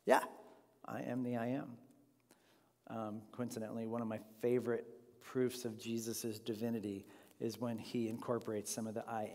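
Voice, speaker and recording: A man's voice: on the low side, vocal fry, darkish tone, big-room sound. A man leading an informal Bible study class, talking conversationally and putting questions to the group.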